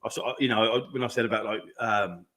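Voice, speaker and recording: A quick-talking man with a bright, forceful voice. He co-hosts a casual podcast, swears constantly and tells stories by acting out both sides of an argument. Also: on the low side. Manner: profane, rambling, acts out arguments. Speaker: podcast co-host. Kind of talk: casual chat.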